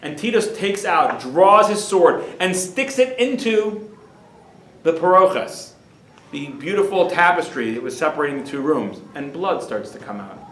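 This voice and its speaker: Rabbi man giving a lecture, dramatic storyteller, voice a bit high, echoey hall. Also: very animated, a little slow, fairly bright tone, a little hiss or hum. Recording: roomy hall echo.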